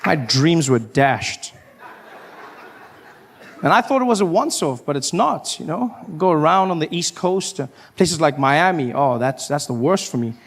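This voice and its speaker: A man performing stand-up on a comedy stage, telling stories with animated, self-mocking delivery. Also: a little high, measured pace, some chatter behind. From South Africa.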